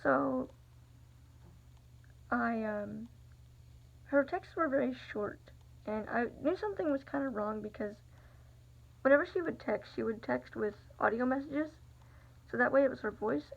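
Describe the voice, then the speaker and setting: Give me a young woman with a slightly high, gravelly voice, recounting a personal story as a vlogger. She rambles in a confiding way, leaning on fillers. The recording sounds dull and lo-fi. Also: normal speed, long pauses.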